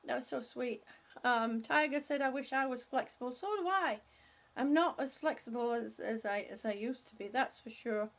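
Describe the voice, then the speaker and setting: An older woman hosting a casual livestream, calling out gentle stretches and chatting with viewers as she reads their comments aloud. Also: on the high side, normal speed. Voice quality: breathy at times. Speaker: livestream host leading stretches. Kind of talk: casual livestream chat and exercise cues.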